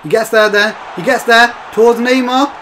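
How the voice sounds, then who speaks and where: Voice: medium pitch, steady tone, moderate pace, a bit bright, a little hiss or hum. A gaming commentator talking through a football video game match, exasperated and swearing often, calling the viewers lads. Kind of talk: live gameplay commentary.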